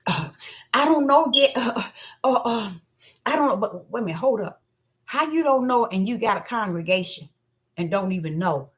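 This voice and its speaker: A woman delivers a lively sermon. Her voice is bright and sharp, and her pitch leaps wildly from low, hushed asides to high, loud exclamations. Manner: animated, acts out voices, swings between low murmurs and loud cries. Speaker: self-styled prophetess. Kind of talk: preaching monologue.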